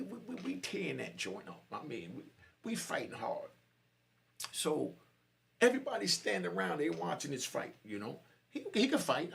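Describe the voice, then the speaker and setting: A man's voice: on the high side, gravelly. A man telling his own jail story in casual street slang, often saying "you know".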